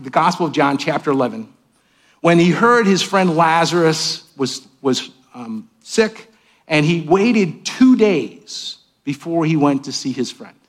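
A man preaching a sermon as a pastor in a church, swinging between raised, emphatic lines and hushed, quiet asides. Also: on the high side. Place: church sanctuary with cameras.

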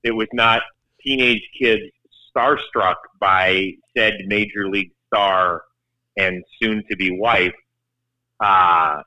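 A man's voice: low voice, takes it slowly, bright, forceful tone, dry recording, low-quality recording. A man hosting a sports show, telling wry, self-deprecating stories in a casual chat on a close studio mic. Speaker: sports TV host.

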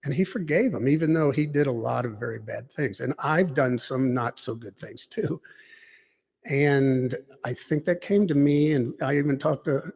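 A man giving a rambling personal faith testimony, halting with many restarts and asides. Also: mid-range voice, vocal fry, a little mellow, slightly rough, long reverb tail. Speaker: lay speaker giving personal witness.

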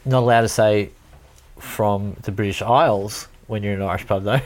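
A man's voice: lowish voice, steady tone, normal speed, a little hiss or hum. A man, a pub musician chatting casually on a podcast, rambling and laughing often. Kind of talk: casual chat.

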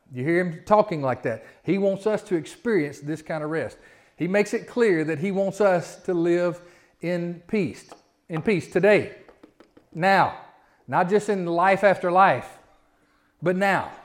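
A man pastor, preaching a folksy sermon that repeats words and builds with rising emphasis. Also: a little high. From Southern United States.

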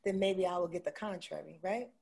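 Husky woman, emphatic guest. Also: lowish voice, a little fast. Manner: animated, emphatic, keeps checking in with "right?". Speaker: guest, intuitive astrologer. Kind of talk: casual conversational interview.

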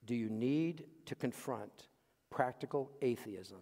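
A man preaching a sermon as pastor in a church, emphatic and fond of repeating key phrases, moving between quiet asides and raised, pointed lines. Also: medium pitch, lively intonation, slow pace. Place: church sanctuary. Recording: long reverb of a large hall.

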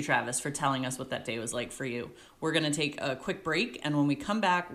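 A woman hosting an interview, asking measured questions and leading into breaks. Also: very deep voice, fairly bright tone. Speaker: interview host.

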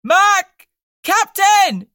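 A male narrator voicing a desperate young man who yells and pleads across the water. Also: extremely high pitch, sing-song, drawn-out words, dry recording, clean studio sound, voice pushed up, heavily acted. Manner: yelling, pleading.

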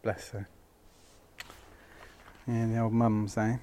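A man's voice: lowish voice, flat delivery, slow, dark tone, slight background noise. A man hosting a casual podcast, rambling with many fillers and laughing at himself. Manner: rambling, self-mocking, filler-heavy. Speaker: podcast host.

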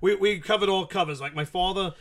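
A man in his late forties tells rambling, profane stories in casual chat. He talks fast, with a bright, forward voice pitched a little high. The stories roll on with plenty of laughter. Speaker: podcast guest. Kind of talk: casual storytelling.

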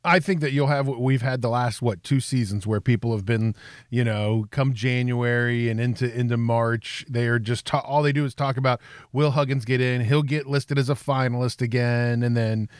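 A man's voice: mid-range voice, steady tone, moderate pace, no echo. Man, podcast host, casual sports chat, upbeat, dry close sound.

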